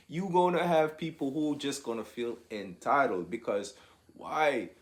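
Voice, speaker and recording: Brief: unhurried male commentator, higher-pitched, talks in repeats and restarts. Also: big pitch swings. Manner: drawn-out, repeats words while searching for the point. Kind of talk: opinion commentary monologue.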